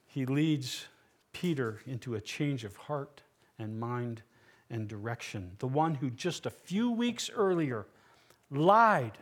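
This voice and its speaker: A man delivers a sermon as pastor, his voice sitting a little high for a man. He preaches earnestly and with emphasis, poses rhetorical questions, and sinks low and quiet for the solemn moments.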